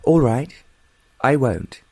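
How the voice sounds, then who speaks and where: A male audiobook reader voicing a spirited, quick-tempered young woman who answers with sharp, scornful retorts. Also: mid-range voice, sing-song, gravelly, slightly rough, dry recording, voice pushed up, heavily acted.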